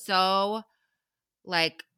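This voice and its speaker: A woman co-hosting a podcast, recapping reality TV in animated casual chat and quoting the cast. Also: medium pitch, drawn-out words, smooth. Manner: animated, swearing, recounts scenes in quoted voices. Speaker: podcast co-host.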